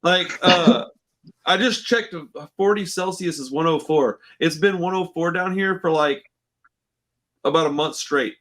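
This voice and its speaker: A man's voice: on the high side, a little slow, a bit bright. A man in his forties from Texas, hosting a podcast and telling rambling stories full of slang and swearing. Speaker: podcast host. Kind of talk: casual chat.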